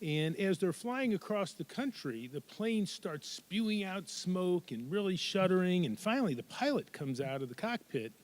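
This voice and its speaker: A man's voice: sits high, very animated, normal speed, hardly any pauses. A middle-aged man, a physician, giving a keynote talk at a conference, earnest and building his points with statistics.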